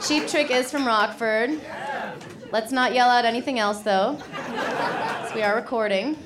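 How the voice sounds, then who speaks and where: A woman's voice: a little high, unhurried, a loud crowd, heavy background noise. A woman from Illinois performing a stand-up set in a club, sardonic and mock-haughty in her delivery. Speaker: stand-up comedian. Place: comedy club stage. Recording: live club recording with audience laughter.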